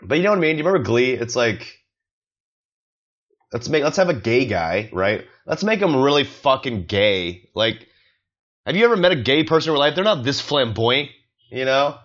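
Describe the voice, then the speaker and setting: A man's voice: medium pitch, sing-song, moderate pace, a bit bright, muffled recording. A young man hosting a solo comedy podcast, rambling sarcastically and swearing often. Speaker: podcast host.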